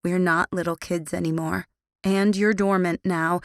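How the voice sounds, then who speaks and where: A coaxing, playful older sister, voiced by a woman narrator. The tone is low-set and gentle, in a dry studio read. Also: steady tone, measured pace, no room sound. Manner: coaxing and light.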